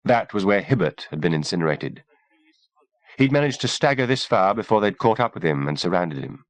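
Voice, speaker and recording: Low, expressive male audiobook narrator. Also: a little fast, dry recording.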